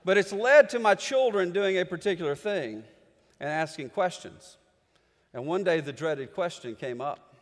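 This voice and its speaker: A middle-aged pastor with a high, light voice delivers a sermon, swinging from booming declarations to near-whispered pleas. His words ring through a large church hall with a long, lingering reverb. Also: animated, moderate pace. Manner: dramatic, swings between booming and hushed.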